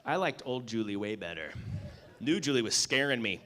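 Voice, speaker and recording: A man giving a motivational keynote speech, telling a story with lively acted-out lines and asking the audience "okay?" and "right?" again and again. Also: mid-range voice, moderate pace, slight background noise. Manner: animated storyteller, acts out lines, asks "okay?" and "right?" often. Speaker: keynote speaker and magician.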